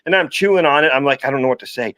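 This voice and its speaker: A man, a fishing guide chatting casually on a podcast and telling animated stories. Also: very fast. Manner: animated storyteller, acts out quotes with big pitch jumps. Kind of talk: casual chat.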